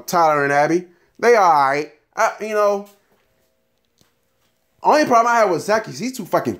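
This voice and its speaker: Profane ranting man, fairly high voice. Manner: animated, profane, frequent fillers. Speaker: story game player. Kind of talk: ranting commentary and reading aloud.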